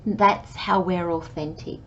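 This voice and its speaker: A woman giving a channelled tarot reading, talking in a gentle, chatty way and acting out little imagined conversations. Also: on the low side, fairly even intonation, takes it slowly. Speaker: tarot reader. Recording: slightly dull, faint background hiss.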